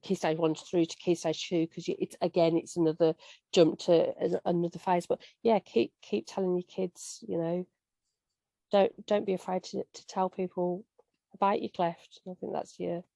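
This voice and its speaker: A woman's voice: on the low side, level tone, moderate pace, gravelly, mellow, no echo. A woman hosting a live panel as a parent, talking in an earnest, conversational way with some restarts.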